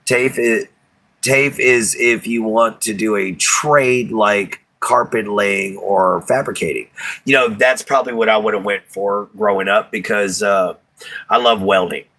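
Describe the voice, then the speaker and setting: A man with a drawl talks loosely to his live viewers, rambling in a folksy way and chuckling often. His voice sits low and comes out husky. He speaks with a forceful, bright edge. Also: steady tone, measured pace, rough recording. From Texas. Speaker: livestream host. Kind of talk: casual chat with live viewers.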